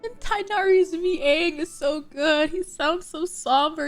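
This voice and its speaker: A woman's voice: very high voice, a little slow, faint music behind. A young woman streamer reacting to a game live, tearful and laughing and swearing freely.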